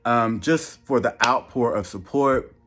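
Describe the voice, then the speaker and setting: Halting man talking casually. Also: medium pitch, a bit bright, a little hiss or hum. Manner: halting, repeats words, many ums. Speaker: vlogger. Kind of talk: casual vlog talk.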